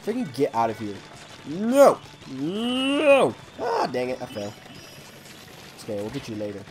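A man hosting a gaming channel, giving hyper, excitable let's play commentary and yelling at opponents. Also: medium pitch, fast talker, faint music behind.

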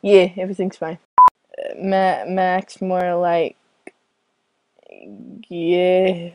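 A woman's voice: on the low side, little pitch movement, very slow, pauses often, fairly bright tone, no echo, low-quality recording. A woman vlogger with a sore throat, rambling in a giggly, tipsy late-night chat.

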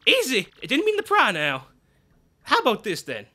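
A man voicing a folksy, loud male boss with a hearty country drawl. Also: very high voice, wildly swooping pitch, moderate pace, pitched above the performer's own voice, heavily acted.

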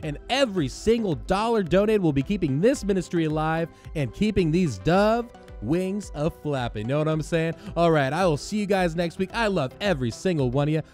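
A man's voice: on the high side, expressive, normal speed, a little mellow, soft background music. Upbeat corny radio DJ man. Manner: upbeat, corny, chuckles at own puns. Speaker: Christian radio DJ parody. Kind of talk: comedic radio DJ patter.

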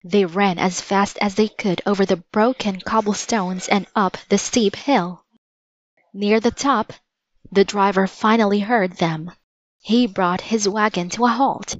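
A woman narrating a children's storybook aloud in a slow, even reading manner. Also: mid-range voice, dry recording. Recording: dull lo-fi dry recording.

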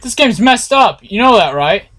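A man's voice: high voice, very animated, moderate pace, bright, forceful tone. Jittery man narrating a horror game. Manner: jumpy, nervous chatter to viewers with frequent swearing. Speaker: gameplay streamer. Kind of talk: horror gameplay commentary.

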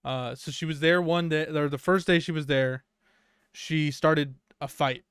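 A man's voice: on the high side, fairly even intonation, measured pace, fairly bright tone, clear, resonant tone, no echo, studio quality. Young man rambling through a story. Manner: rambling anecdote with many fillers and profanity. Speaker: podcast co-host. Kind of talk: casual storytelling chat.

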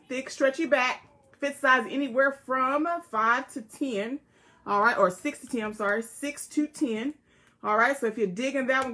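A woman's voice: a little high, fairly bright tone. A woman hosting a live jewelry sale, chatting in a folksy, friendly way and greeting viewers by name, recorded on a tablet. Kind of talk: casual live-stream selling chat. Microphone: tablet device.

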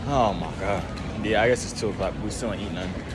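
A man's voice: low voice, fast, over music. A young man casually vlogging on a trip, playful and talking straight to his viewers. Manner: playful, joking, addresses viewers directly. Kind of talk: casual travel vlog. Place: airport and hotel room while traveling. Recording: handheld camera with clear background noise.

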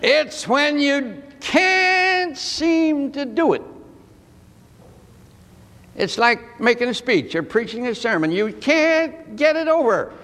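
Folksy old preacher in an echoey hall. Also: male voice, very high-pitched, a bit bright. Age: 80s. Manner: folksy, dramatic pauses. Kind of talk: sermon storytelling.

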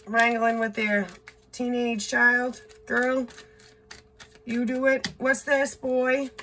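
A woman's voice: a little high, a bit bright, slight background noise. A woman doing a casual tarot reading, reading card words aloud in short bursts, blunt and swearing now and then. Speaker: tarot reader.

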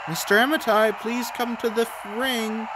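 A player doing a loud tournament announcer. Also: medium pitch, fairly even intonation, normal speed, background noise, voice pushed up, natural voice. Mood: announcing.

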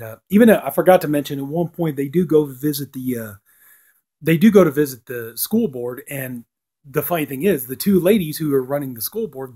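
A man's voice: a little high, warm tone, slightly rough. A man giving a casual spoken review of a TV episode, rambling and leaning on "you know" fillers. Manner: acts out lines with a lifted voice.

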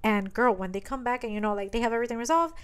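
A woman's voice: on the high side, rapid-fire, clean tone. A woman co-hosting a podcast, casually recapping a book, swearing freely and acting out the characters' lines. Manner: animated, swears a lot, acts out characters' lines. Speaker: podcast co-host.

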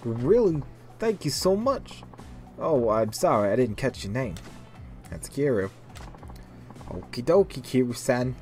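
Man reading as a young punk band leader in a game, polite, pleading, lively pitch. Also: unhurried, pauses often, soft background music. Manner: pleading, earnest, animated.

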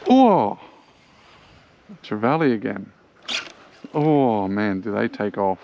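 An Australian man giving excitable, chatty commentary while fishing from a small boat on a creek, talking to the fish he catches. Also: on the low side, unhurried, creaky, highs cut off, slight background noise. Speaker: angler filming his own fishing trip. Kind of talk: casual fishing vlog commentary.

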